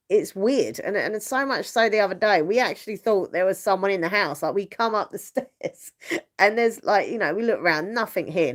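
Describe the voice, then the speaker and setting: A young woman host chatting casually on a live stream from her bedroom at home, rambling and laughing often. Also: fairly low pitch. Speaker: channel host.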